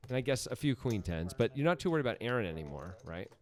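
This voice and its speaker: A man giving casual, chatty poker commentary with quick, lively reactions. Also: fairly low pitch.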